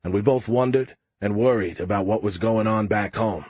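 A man narrating a first-person audiobook in a steady, wry, matter-of-fact way. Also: fairly low pitch, moderate pace, slightly rough, no echo.

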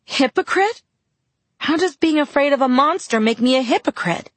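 A woman's voice: on the high side, big pitch swings, a little slow, fairly bright tone, slightly rough, no echo, voice pushed up, full character voice. A woman voicing a frightened, defiant young woman who speaks in an urgent, raised, pleading way. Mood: upset. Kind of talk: audiobook character voice.

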